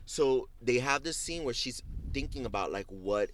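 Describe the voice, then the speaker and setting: Brief: male talk host, middle pitch, chatty and animated, a storyteller who acts out each quote. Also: moderate pace. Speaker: show host. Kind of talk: casual chat recapping TV.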